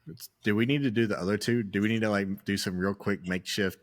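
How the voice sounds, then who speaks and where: A man co-hosting a gaming podcast who mostly chimes in with short replies. His voice is low. He keeps his remarks brief and playful. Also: fast talker. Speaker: podcast co-host. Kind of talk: casual podcast chat.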